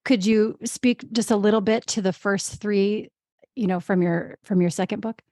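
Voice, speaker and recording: A woman's voice: medium pitch, fairly even intonation, normal speed, mellow, no echo, clean studio sound. A woman hosting an interview podcast, asking questions and giving encouraging backchannels. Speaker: podcast host.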